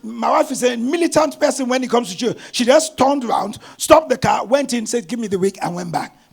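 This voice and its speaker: Middle-aged male pastor, husky high voice, lively storytelling sermon. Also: a little fast. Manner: animated storytelling, bursts of shouting.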